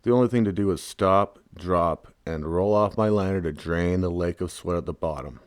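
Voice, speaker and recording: Deep-voiced male memoir reader, wry and casual, dry booth sound. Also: normal speed, smooth, no room sound. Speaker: narrator. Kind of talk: reading own memoir.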